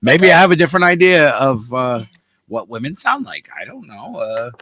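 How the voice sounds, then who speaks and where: A man's voice: medium pitch, big pitch swings, normal speed, a bit bright. A man hosting a live stream, bantering crudely with friends and swearing often. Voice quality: crude, profane, jokey banter. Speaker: host. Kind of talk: casual chat.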